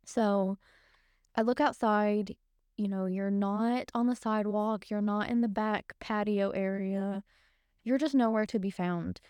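A woman's voice: medium pitch, fairly even intonation, measured pace, a little mellow, clean tone, no room sound, clean studio sound. A young woman co-hosting a podcast, casually and emotionally retelling a frightening night. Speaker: podcast co-host. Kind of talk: casual storytelling.

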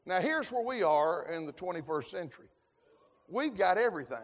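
Preacher guy, high voice, folksy, hollers now and then, big echoey church. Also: lively intonation, brisk. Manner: folksy, call-and-response, rising to shouts. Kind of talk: sermon. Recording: long hall reverb.

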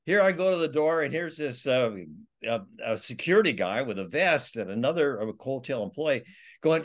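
A man's voice: medium pitch, animated, moderate pace. Rambling male author telling stories. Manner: rambling, many restarts and laughs. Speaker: author and guest. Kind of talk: storytelling interview.

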